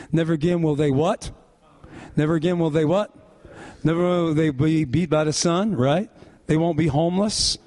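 A male pastor preaching a sermon, leading the congregation in call-and-response. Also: a little mellow. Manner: call-and-response preaching, rising and falling in pitch.

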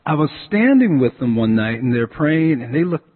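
A man's voice: fairly high pitch, very animated, moderate pace, slightly rough. A man preaching a sermon as a pastor, telling stories and often repeating words as he restarts. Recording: tinny phone-like sound.

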